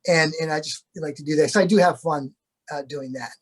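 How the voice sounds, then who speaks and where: A man's voice: a little high, a little fast, slightly rough. A middle-aged man, an actor being interviewed, talking in a rambling, good-humored way with many restarts. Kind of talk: casual interview chat.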